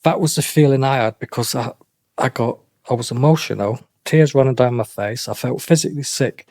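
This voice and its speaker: A middle-aged man speaks haltingly, often circling back and repeating himself. His voice sits at an ordinary pitch. The sound is dry and close, with no room echo. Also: a little mellow. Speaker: interview guest. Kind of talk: emotional personal account.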